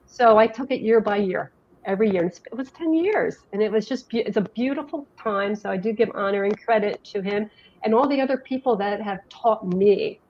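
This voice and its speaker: A woman's voice: medium pitch, a little hiss or hum. Chatty middle-aged woman. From New Jersey. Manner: chatty, rambling, quick with many restarts. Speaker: guest, health education director. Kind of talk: conversational interview, storytelling. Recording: dull lo-fi sound.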